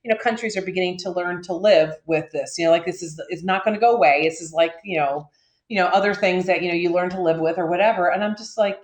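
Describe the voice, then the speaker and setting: A woman's voice: mid-range voice, animated, fast talker, reverberant. Frustrated, profane woman ranting. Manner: frustrated, profane, rambling with many fillers. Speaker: podcast co-host. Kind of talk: casual ranting chat.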